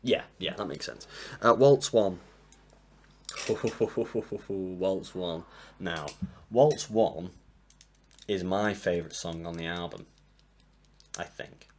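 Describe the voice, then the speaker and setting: A man's voice: low-pitched, slow pace, pauses often, darkish tone. A man rambles casually through an album ranking at his desk. He sounds tired and is self-deprecating and apologetic as he talks. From England. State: tired from lack of sleep. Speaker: music reviewer. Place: home room at a desk. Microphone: desk mic propped up, sometimes knocked.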